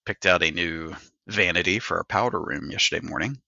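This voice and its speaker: A middle-aged man co-hosting a podcast rants through a story in casual chat, acting out the quotes. His voice is low, brisk and sharp with vocal fry. The dry podcast mic sounds slightly dull, with no echo.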